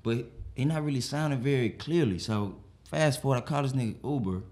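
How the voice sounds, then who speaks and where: Animated and foul-mouthed, a young podcast co-host tells a casual story and performs the characters in it. He speaks fairly quickly at a medium pitch.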